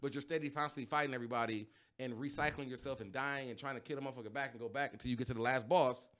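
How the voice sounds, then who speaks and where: A man's voice: medium pitch, steady tone, racing, a bit bright. A man co-hosting a podcast, chatting casually in a loose, rambling way with lots of fillers and restarts. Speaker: podcast co-host. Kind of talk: casual chat.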